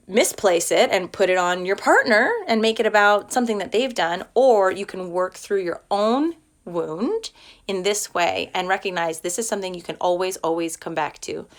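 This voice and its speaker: Earnest rambling woman on a live stream. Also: mid-range voice. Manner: earnest, rambling, with many likes and restarts. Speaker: host of a self-help live stream. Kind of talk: casual live-stream talk. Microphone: phone or webcam for a live stream.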